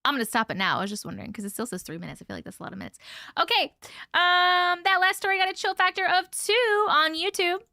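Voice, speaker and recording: Bright chatty woman livestream host. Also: very high-pitched, animated, fast talker, creaky, no room sound, clean studio sound. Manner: chatty, laughs often, swears casually. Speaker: host reading viewer stories. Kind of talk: casual livestream chat and story reading.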